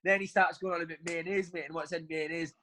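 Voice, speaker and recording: A man's voice: a little high, fairly even intonation, quick pace, bright, forceful tone, slight background noise, poor audio. A man, a footballer, chatting casually in an interview and telling long anecdotes, forever saying "mate". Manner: chatty storytelling, says "mate" constantly. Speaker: footballer guest.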